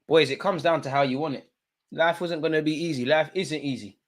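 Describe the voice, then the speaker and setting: A young man, streaming a live football watchalong, shifting between nervous muttering and loud outbursts at the referee. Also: on the high side, a little fast. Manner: animated, swings from muttering to shouting at the ref. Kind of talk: live match reaction commentary.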